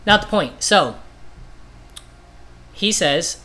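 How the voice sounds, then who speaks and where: A man's voice: high voice, lively intonation, normal speed, long pauses, a bit bright. A man casually retelling a comic story on a podcast, rambling, swearing and acting out the voices. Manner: rambling, profane, acts out quoted voices. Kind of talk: casual chat.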